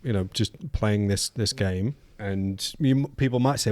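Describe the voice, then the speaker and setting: A man's voice: fairly low pitch, a little slow, a little mellow, no echo. A man from the UK, a podcast co-host, talking through ideas in casual discussion and reading quotes aloud. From United Kingdom. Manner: thoughtful, reads quotes aloud, frequent restarts.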